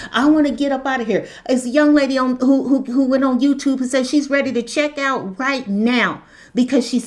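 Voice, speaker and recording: A woman giving an impassioned spoken commentary, asking question after rhetorical question. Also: high-pitched. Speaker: spiritual commentator.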